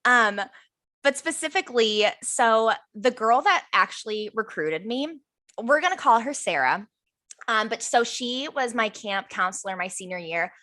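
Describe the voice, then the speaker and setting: A woman's voice: a little high, lively intonation, unhurried, bright, forceful tone. A young woman co-hosting a podcast, telling a story in casual chat and acting out what people said. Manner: bubbly storyteller, acts out quotes. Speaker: podcast co-host.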